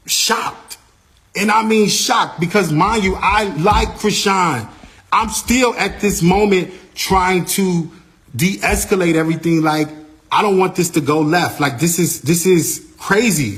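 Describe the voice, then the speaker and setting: A man, an artist's manager, recounting a backstage incident in a lively, casual way, repeating himself and using slang. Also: high-pitched, measured pace. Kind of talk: animated storytelling.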